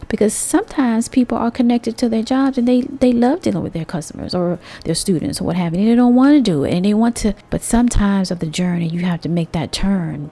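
A woman hosting a motivational monologue, talking conversationally to her listeners with drawn-out emphasis and rhetorical asides. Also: on the low side, dark tone. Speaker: host.

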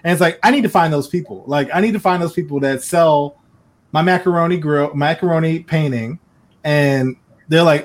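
Podcast guy cracking jokes, kinda high voice, storytelling. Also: brisk. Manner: joking, animated storyteller. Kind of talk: casual chat.

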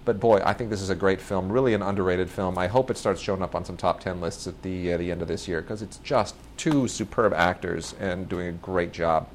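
A man's voice: low-pitched, fairly quick, few pauses, slight background noise. A man co-hosting a casual movie review chat, enthusiastic and rambling, often restarting and correcting himself mid-sentence. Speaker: film review co-host.

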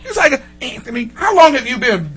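A man telling a long story in a casual chat, animated and profane, laughing often and acting out the other people in it. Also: fairly high pitch, normal speed. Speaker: podcast host telling a story.

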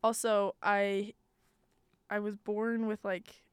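A young woman talks casually and rambles with lots of fillers, often breaking into giggles. Her voice is smooth and clear, recorded close and dry. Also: medium pitch, little pitch movement, slow pace, no room sound. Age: young adult. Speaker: podcast guest. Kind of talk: casual chat.

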